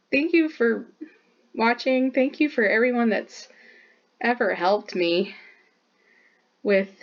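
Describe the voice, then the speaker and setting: A woman's voice: medium pitch, lo-fi sound. A woman artist chatting casually while showing her sketchbook drawing, bubbly and full of "like" fillers.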